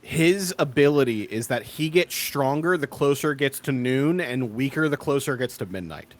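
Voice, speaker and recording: A man's voice: mid-range voice, animated, normal speed. Chatty man explaining a game character. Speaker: player. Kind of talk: casual explanation.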